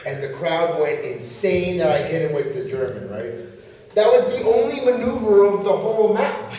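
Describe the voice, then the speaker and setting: A man with a fairly high voice tells an animated wrestling story and laughs along as he goes. He sounds far from the mic, in a big, echoey convention hall with a long reverb tail. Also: normal speed. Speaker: pro wrestler guest.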